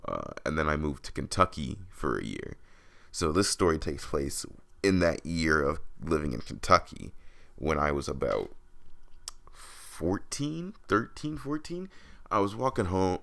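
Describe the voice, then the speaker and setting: A young man from upstate New York talks alone on his podcast, with a very deep voice that often drops into gravelly fry. He tells a story casually, swears constantly and restarts his sentences with lots of filler words. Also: fairly bright tone. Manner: rambling, profane, full of fillers and restarts. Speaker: podcast host.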